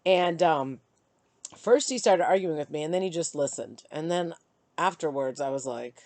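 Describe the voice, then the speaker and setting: A middle-aged woman vlogging, chatty and animated as she tells and vents about her day. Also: fairly low pitch, measured pace, dry recording. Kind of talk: casual storytelling to camera.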